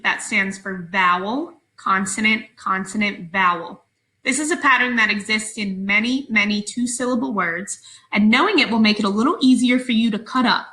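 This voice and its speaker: A woman teacher giving a recorded phonics lesson to her class, speaking slowly, clearly and patiently. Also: on the high side, bright, forceful tone, reverberant, rough recording.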